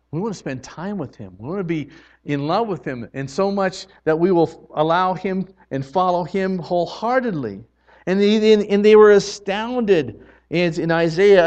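A man delivers a sermon in a slightly raised voice, earnest and emphatic, swinging between hushed moments and forceful declarations. The recording sounds muffled and lo-fi. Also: sits high. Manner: earnest preaching, swelling to loud emphatic lines. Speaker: pastor.

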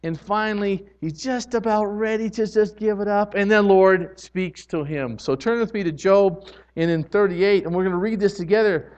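A man preaching a sermon earnestly, building from quiet moments to loud emphatic passages. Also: high voice, normal speed, smooth, lo-fi sound. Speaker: pastor.

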